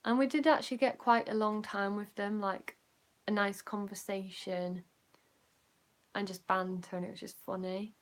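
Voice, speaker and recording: A teenage Yorkshire girl chatting through a storytime vlog, voice sitting at an ordinary middle pitch. She rambles with plenty of "like" fillers, and her voice sinks softer whenever she remembers being nervous. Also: steady tone, normal speed. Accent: Yorkshire English. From Yorkshire, England. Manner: chatty, rambling, many "like" fillers, drops quieter when recounting nerves. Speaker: vlogger. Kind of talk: casual storytime.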